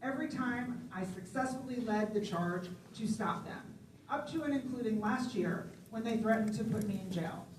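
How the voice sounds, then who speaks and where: A woman's voice: on the high side, expressive, moderate pace. Woman, county commissioner, assertive campaign speech, distant mic, roomy, noisy recording. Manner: firm, assertive. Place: public forum hall. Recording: echoey room with audible noise.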